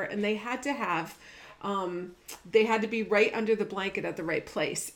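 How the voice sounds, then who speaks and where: Middle-aged mom co-hosting a podcast, candid and rambling, plain mid-range voice. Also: female voice, medium pitch, a bit bright. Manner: candid, rambling, many fillers and restarts. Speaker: podcast co-host, mother. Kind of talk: candid conversational storytelling.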